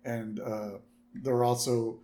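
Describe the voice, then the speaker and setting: A man's voice: mid-range voice, level tone, slow, dark tone, slight background noise. Chatty man trading jokes on a podcast. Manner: chatty, jokey asides, frequent "mm-hmm" backchannel. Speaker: podcast co-host. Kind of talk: casual episode recap chat.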